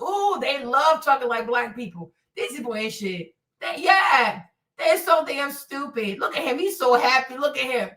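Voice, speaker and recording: A woman's voice: sits high, normal speed, recorded from a distance. Brash profane woman ranting in an echoey room. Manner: blunt, profane, animated storytelling. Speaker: streamer host. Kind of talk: casual ranting commentary. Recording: echoey room, voice a bit off-mic.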